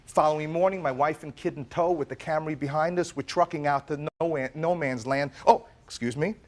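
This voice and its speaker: A man's voice: fairly high pitch, brisk, darkish tone. A man, the plaintiff in a small claims court show, animatedly recounting his case and acting out what others said. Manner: dramatic, acts out quoted dialogue. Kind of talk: animated storytelling testimony.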